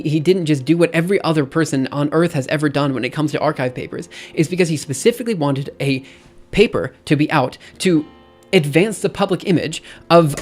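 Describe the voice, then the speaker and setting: A man streaming, reading a research paper aloud and ranting about it in an exasperated voice that keeps repeating and restarting itself. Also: fairly high pitch. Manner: exasperated, repetitive, restarts often. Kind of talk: casual ranting commentary.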